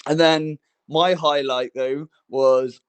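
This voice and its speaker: A man's voice: a little high, steady tone, slow pace, clear, resonant tone. A young man, co-hosting a casual chat and telling a long rambling story full of fillers and restarts. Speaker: podcast co-host.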